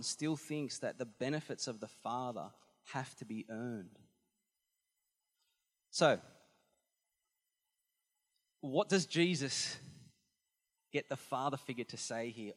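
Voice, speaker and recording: A man preaching a sermon, animated and emphatic, often repeating phrases for effect. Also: medium pitch, slow pace, long pauses. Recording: long hall reverb.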